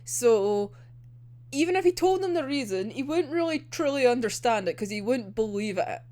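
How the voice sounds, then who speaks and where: Excitable young woman, high lively voice. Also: normal speed. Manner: excitable, laughs often, swears casually. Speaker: manga reaction vlogger. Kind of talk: gushing casual chapter recap.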